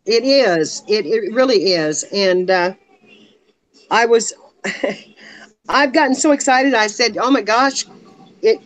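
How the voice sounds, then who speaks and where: A woman's voice: medium pitch, expressive, slow, pauses often, poor audio. A woman in casual chat on a live video call, rambling a little and laughing often. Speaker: guest on a craft live stream.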